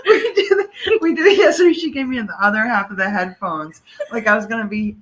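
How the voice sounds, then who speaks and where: A woman's voice: medium pitch, animated, quick pace. A woman co-hosting a casual livestream on a shared microphone, giggly and teasing. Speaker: livestream co-host. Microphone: shared desk microphone.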